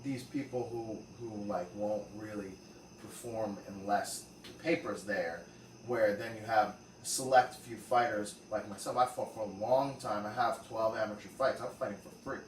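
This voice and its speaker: A man's voice: fairly low pitch, moderate pace. Roomy-sounding male fighter chatting. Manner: relaxed, conversational, trails off with fillers. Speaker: MMA fighter and co-host. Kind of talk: casual podcast chat. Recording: roomy and distant with faint background noise.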